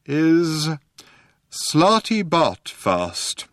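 A man voicing a weary, gentle old male alien planet-builder who speaks slowly and gravely. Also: fairly high pitch, sing-song, no echo, clean studio sound, pitched above the performer's own voice, exaggerated voice. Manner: slow, grave, wistful.

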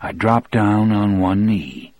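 A man reading an audiobook in a measured, unhurried storytelling way. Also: lowish voice, animated, a little mellow, no echo. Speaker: audiobook narrator. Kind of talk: audiobook narration.

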